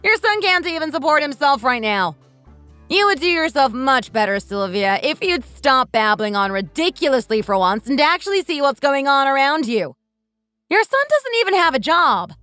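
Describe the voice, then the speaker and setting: A woman's voice: high voice, big pitch swings, normal speed, no echo, faint music behind, full character voice. A woman voicing a sarcastic young wife who talks back bluntly to her mother-in-law in a texting-story drama. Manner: sharp, mocking, blunt.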